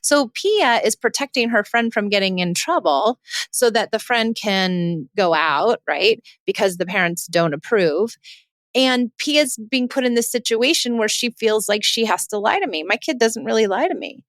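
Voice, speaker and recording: A woman in her forties hosting a parenting podcast, telling a family story in a chatty, animated way and acting out the quoted lines. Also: fairly high pitch, normal speed, dry recording, studio quality. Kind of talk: casual storytelling monologue.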